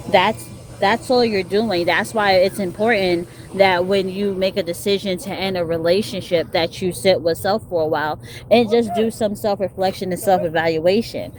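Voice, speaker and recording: Woman co-host, thoughtful and steady, normal mid voice, sharing a lesson learned. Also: medium pitch, low-quality recording. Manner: measured, reflective. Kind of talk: casual opinion commentary.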